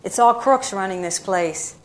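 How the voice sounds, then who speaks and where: A woman voicing a suspicious, sharp-tongued young woman who presses her partner with skeptical questions in a storybook reading. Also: medium pitch, unhurried, close to an everyday voice. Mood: complaining.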